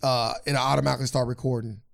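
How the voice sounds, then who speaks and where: A man's voice: mid-range voice, little pitch movement, very fast, creaky, fairly bright tone. Earnest man in casual podcast chat. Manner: earnest, hedges and restarts. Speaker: podcast co-host.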